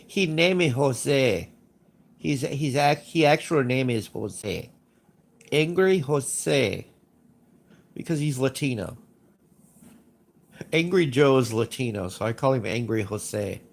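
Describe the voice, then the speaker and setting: Here a male livestream host, sinuses congested and nose stuffy, rambles through casual chat and reader comments, repeating things and voicing blunt views. He speaks slowly at a medium pitch, expressive and creaky, pausing often.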